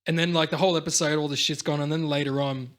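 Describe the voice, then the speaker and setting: Man, slightly high voice, very bright tone, casual podcast chat, rambling, swears a lot. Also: fairly even intonation, quick pace. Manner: rambling storyteller, swears freely, acts out quotes in big voices. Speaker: podcast co-host.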